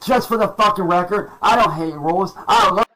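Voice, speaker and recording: A man's voice: sits high, animated, brisk, pushed and bright, rough recording. A man in a played clip, ranting with angry, profane insults.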